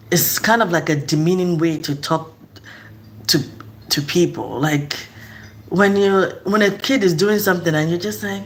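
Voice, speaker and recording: A woman from Africa, a mother, telling stories casually and acting out voices with frequent laughter. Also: mid-range voice. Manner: animated, acts out voices, laughs often. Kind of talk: casual storytelling vlog.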